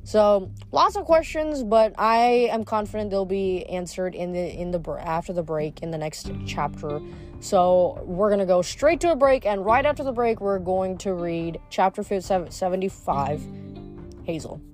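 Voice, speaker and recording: A woman's voice: mid-range voice, normal speed, a little mellow, soft background music. A woman reading a novel aloud, stumbling and correcting herself, with chatty asides between chapters. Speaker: audiobook reader.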